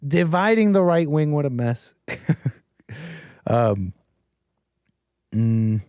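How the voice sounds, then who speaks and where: A man hosting a call-in livestream, chatting loosely to his audience with lots of fillers and restarts. His voice sits a bit high and sounds dry and close to the mic. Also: sing-song, takes it slowly, a little mellow, clear, resonant tone, no room sound. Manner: meandering, full of fillers and restarts, laughs often. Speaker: livestream call-in show host. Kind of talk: casual rambling monologue to chat.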